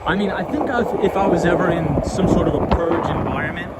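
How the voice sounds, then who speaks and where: Chatty man livestreaming on loud night streets. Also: high-pitched, fairly quick. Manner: chatty, upbeat, reads comments aloud and answers them. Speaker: livestream vlogger. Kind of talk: casual livestream chat, reading viewer comments aloud. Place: outdoors on city streets at night. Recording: street noise behind a loud outdoor stream. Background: loud traffic and city ambience.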